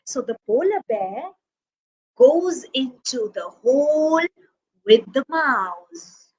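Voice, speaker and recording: A woman telling a story to young children at a preschool, animated and speaking to them directly. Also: high-pitched, slow, slightly rough, rough recording.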